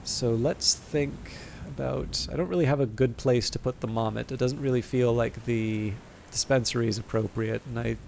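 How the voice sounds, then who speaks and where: A man's voice: mid-range voice, moderate pace, creaky, hardly any pauses, a little mellow, a little hiss or hum. A man commentating a game late at night, thinking aloud with hesitant restarts and reading game text, a little tired. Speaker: gameplay commentator.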